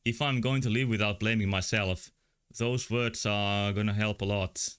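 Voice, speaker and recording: Bright-voiced man reading game text. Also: lowish voice, fairly even intonation, moderate pace, smooth. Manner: reads text in a plain voice, then jokes and reacts. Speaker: let's play streamer. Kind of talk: reading game dialogue aloud and commenting.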